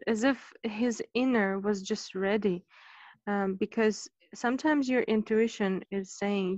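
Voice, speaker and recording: A woman's voice: mid-range voice, fairly even intonation, unhurried, a little mellow, dry recording. Earnest woman podcaster with a dull, dry sound. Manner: earnest, restarts often, laughs when moved. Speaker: podcast co-host reading a book aloud. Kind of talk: casual chat and reading aloud.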